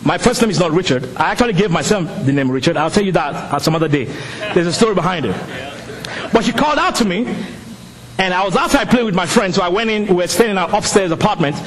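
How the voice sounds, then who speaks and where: A middle-aged man, not a native English speaker, preaching a sermon with animated storytelling that rises to shouts. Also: high voice, fast talker. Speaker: pastor.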